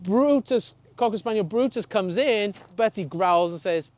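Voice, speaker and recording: A man working as a dog trainer, talking casually and swearing freely, acting out dogs and owners in animated voices. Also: sits high, unhurried. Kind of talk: casual consultation.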